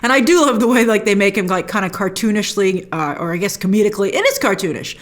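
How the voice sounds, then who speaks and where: A woman hosting a casual TV episode review, animated and quick to act out lines from the scenes in put-on voices. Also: medium pitch. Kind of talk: casual chat.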